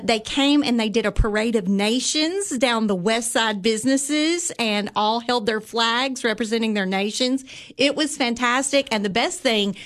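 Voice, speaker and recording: A woman's voice: fairly high pitch, fairly bright tone. Chatty Southern woman, upbeat storyteller. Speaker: visitors' bureau guest. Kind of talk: casual interview chat.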